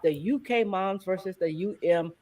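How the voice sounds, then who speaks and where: A woman hosting a casual livestream chat, animated and teasing, laughing often. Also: lowish voice, normal speed, no room sound. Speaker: host.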